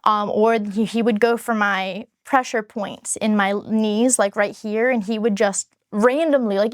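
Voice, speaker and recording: A woman with a fairly high voice talks straight to camera in a casual, earnest vlog. She is frank and conversational as she tells her own story. The sound is dry and close, with little room echo. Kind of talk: candid personal storytelling to camera.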